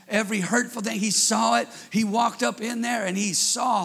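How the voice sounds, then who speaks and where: A pastor leads his congregation in call-and-response, swinging from quiet asides to shouted passages. His voice sits high, husky and creaky, with a steady tone, moderate pace, and few pauses.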